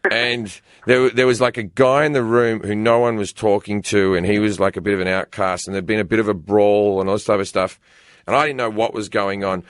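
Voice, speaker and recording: A man's voice: on the low side, a little fast, no echo, clean studio sound. Man rambling through a comic anecdote. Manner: rambling, animated anecdote with many restarts. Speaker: guest comedian. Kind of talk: casual podcast storytelling.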